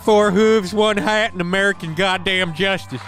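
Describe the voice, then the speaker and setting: A man voicing an over-the-top action-trailer narrator, loud, dramatic and mock-heroic. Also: sits high, fairly even intonation, moderate pace, over music, pitched above the performer's own voice, natural voice.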